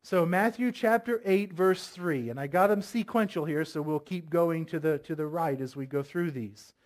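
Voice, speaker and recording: Male pastor, high voice, preaches conversationally, fires questions at the congregation. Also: normal speed. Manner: asks the congregation many questions; reads scripture aloud, voicing commands forcefully. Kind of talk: sermon.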